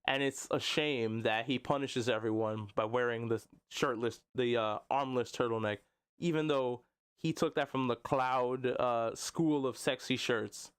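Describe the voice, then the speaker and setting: A man's voice: medium pitch, clear, resonant tone. Jokey man chatting about wrestling. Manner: jokey, laughing often, drops into silly voices. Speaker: wrestling podcast host. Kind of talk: casual live-stream commentary.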